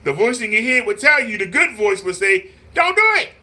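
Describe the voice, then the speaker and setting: A man's voice: high voice, animated, a little fast, pushed and bright. A man, talking casually on a live stream in a preachy, repetitive, scolding way. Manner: mimics voices in quotes. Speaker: vlogger.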